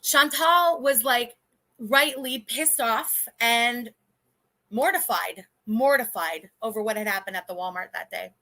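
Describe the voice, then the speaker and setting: Speaking unhurriedly, this thirtysomething livestream host has a slightly high, bright voice with a forceful edge. Her casual chat is blunt, profane and indignant, rambling along with restarts.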